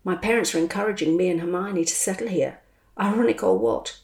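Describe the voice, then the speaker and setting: A woman voicing a chatty, blunt expat man, talking in a lively, slangy way. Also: fairly low pitch, a little fast, natural voice. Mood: matey. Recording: roomy echo.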